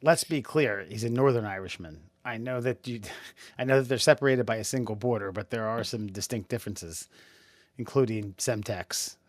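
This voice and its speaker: A man's voice: fairly low pitch, moderate pace, dry recording. A man co-hosting a podcast with dry, wry, profane asides in casual banter. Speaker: podcast co-host.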